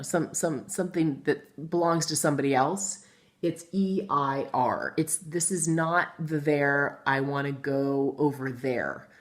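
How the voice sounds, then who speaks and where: A middle-aged woman teaching a phonics lesson to young children, talking to them directly and patiently spelling words out letter by letter. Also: sits low. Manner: talks directly to children as guys.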